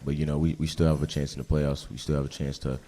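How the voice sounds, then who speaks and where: A young man, a high school football player, answering interview questions hesitantly. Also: flat delivery, quick pace, dark tone. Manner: hesitant, repeats himself. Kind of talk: casual interview.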